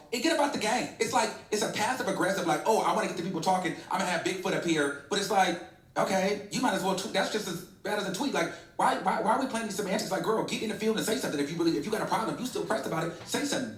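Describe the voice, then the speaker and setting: A woman's voice: fairly low pitch, roomy sound, far from the mic, rough recording. A woman hosting a reaction video, giving emphatic, opinionated commentary. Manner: animated, emphatic, calls people girl.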